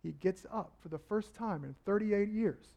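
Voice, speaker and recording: Male pastor, high voice, animated preaching delivery that acts out the people he quotes. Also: moderate pace, gravelly. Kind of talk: sermon.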